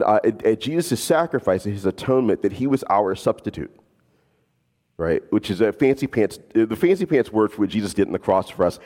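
A man preaching a sermon as a pastor, animated and casual, slipping in jokes. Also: fairly low pitch, big-room sound.

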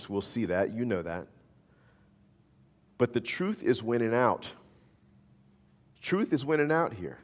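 A man's voice: lowish voice, darkish tone, long reverb tail. A man preaching a sermon as pastor, emphatic and repeating his key phrases.

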